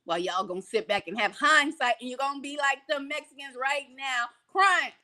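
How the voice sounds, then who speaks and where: Woman, high voice, bright tone, animated commentary, preachy, rhetorical questions. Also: brisk. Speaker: commentator reacting to a press clip.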